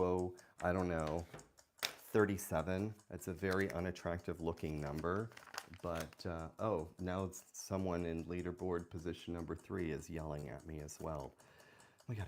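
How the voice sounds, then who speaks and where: A woman's voice: a bass voice, a little mellow, slight background noise. A woman hosting a puzzle livestream, chatting casually and playfully, joking at her own expense and reading the chat aloud. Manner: playful, self-mocking, reads chat aloud.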